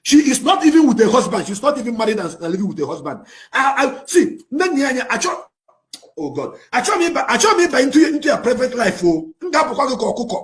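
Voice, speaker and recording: A man with a Nigerian accent delivers a fiery, impassioned rant to the camera, swinging between shouting and low, intense passages. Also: very animated, fairly quick. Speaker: activist speaking to camera.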